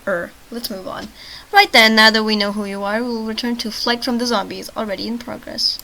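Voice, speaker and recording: A woman reads a text-based zombie game aloud for her channel, breaking off into chatty, self-mocking asides. Her voice sits a little high and rings bright and forceful, and she keeps stumbling over words and shrugging it off. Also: fairly even intonation, fairly quick, creaky, low-quality recording. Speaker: let's-play host reading a text game aloud. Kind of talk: reading an interactive story aloud with chatty asides.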